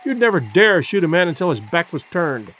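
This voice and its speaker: A man voicing a bold young English gentleman who speaks firmly and loudly in a storybook reading. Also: a little high, sing-song, a little fast. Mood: defiant.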